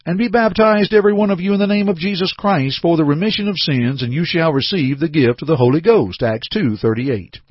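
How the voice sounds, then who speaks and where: Husky male preacher on an old broadcast. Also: medium pitch, no echo. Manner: earnest, formal, quotes scripture at length. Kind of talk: recorded radio sermon. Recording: dull lo-fi archival broadcast recording.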